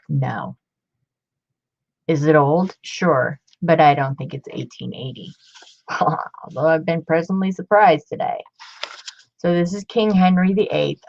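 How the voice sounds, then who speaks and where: A woman in her fifties, chatty and excitable, showing off old books in a casual vlog. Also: low-pitched. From Ohio. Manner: chatty, excitable, muttering asides. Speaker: book collector vlogger. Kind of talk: casual show-and-tell. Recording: dull lo-fi home recording.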